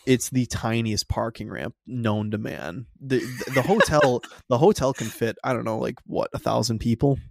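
A young man tells a story in an exasperated, casual way, swearing and laughing as he goes. His voice has a gravelly, fried edge. The sound is close and dry. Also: medium pitch, normal speed, few pauses, no echo. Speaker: podcast co-host.

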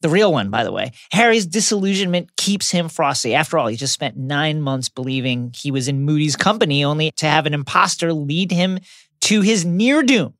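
Lively man recapping a story. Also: fairly high pitch, moderate pace, no echo, clean studio sound. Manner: dramatic, lively retelling with acted quotes. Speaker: podcast co-host. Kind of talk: podcast book recap, read from a script.

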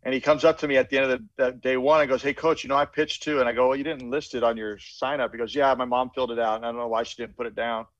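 A man's voice: mid-range voice, very fast, hardly any pauses, no room sound. A middle-aged man, a veteran baseball coach from the Pacific Northwest, telling recruiting stories in an interview and acting out the dialogue. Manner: animated anecdotes, acts out quoted dialogue. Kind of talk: storytelling interview answer. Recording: dry, dull lo-fi podcast audio.

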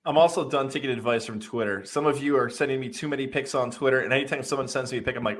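Fast-talking man co-hosting. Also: mid-range voice. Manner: quick, chatty, asks for listener votes. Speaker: podcast co-host. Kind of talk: casual sports chat.

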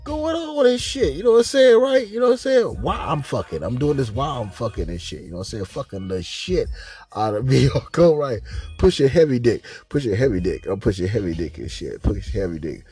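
A man hosting a podcast, telling a crude comic story in a loud, profane, repetitive way. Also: medium pitch, big pitch swings, fairly quick, husky. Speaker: podcast host.

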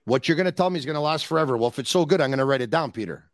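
A man hosting a call-in podcast, teasing his caller in a playful way with drawn-out emphasis. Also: on the high side, lively intonation, dry recording. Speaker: podcast host. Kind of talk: casual call-in chat.

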